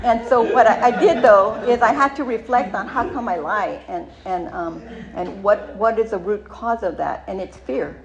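A woman's voice: mid-range voice, moderate pace, crowd noise. A middle-aged woman giving a candid, rambling personal recovery share, with many fillers and asides.

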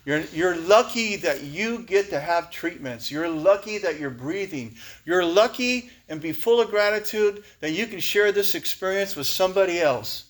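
A man's voice: high voice, animated, moderate pace, few pauses, fairly bright tone. A man voicing a tough, blunt male sponsor who fires off pushy, demanding questions. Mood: stern.

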